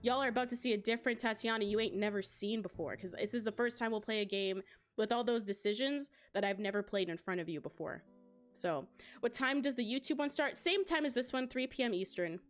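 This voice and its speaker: A woman's voice: on the high side, brisk, faint music behind. A young adult woman streaming, chatting casually with her viewers and telling a story with lots of laughter. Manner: animated storytelling, laughs often, addresses chat.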